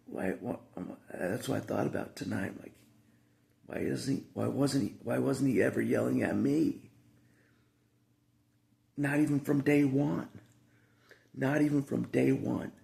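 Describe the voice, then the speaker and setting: A man's voice: mid-range voice, vocal fry, darkish tone. A man talking casually to the camera in a rambling monologue, repeating himself with frequent asides.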